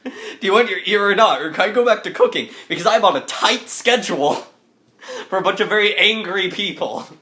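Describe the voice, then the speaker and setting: A man's voice: high-pitched, animated, fairly quick, pushed and bright, voice pushed up. A man voicing an angry, bossy middle-aged woman chef with a put-on French accent, scolding and swearing impatiently.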